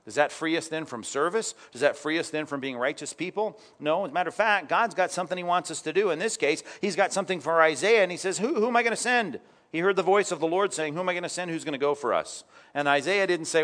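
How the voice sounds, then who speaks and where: A man's voice: on the high side, lively intonation, fast, fairly bright tone. A man preaching a sermon, reading scripture and breaking off into chatty asides and rhetorical questions to the congregation. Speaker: pastor.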